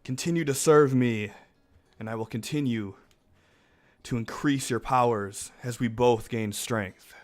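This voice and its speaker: A man putting on the Jackal, a commanding otherworldly patron who roars out his promises, slow and measured. Faint music plays behind as a game master gives him voice. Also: a little mellow, natural voice. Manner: booming, proclaiming.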